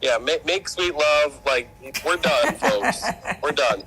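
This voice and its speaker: A man's voice: on the high side, slow, sharp tone, slight background noise, poor audio. A man streaming a mobile strategy game, rambling and joking with his teammates in casual voice chat, often restarting his sentences. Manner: rambling and jokey, with many restarts. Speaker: streamer and alliance player.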